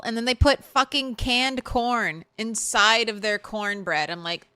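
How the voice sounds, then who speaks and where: Southern-raised woman streamer, unhurried, clear smooth voice, blunt and chatty with viewers. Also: a little high, pushed and bright, dry recording. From Southern United States. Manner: chatty, answers chat with blunt swearing and laughs. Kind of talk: casual chat while streaming a game.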